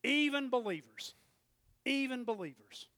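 A man preaching in a high, gravelly voice. He tells a personal story and moves between quiet, close storytelling and loud, emphatic preaching. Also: animated, measured pace.

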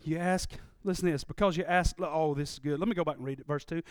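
A male pastor preaching a sermon, swinging between loud shouts and low murmurs and putting on his listeners' voices. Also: a little fast, hardly any pauses, no echo, studio quality.

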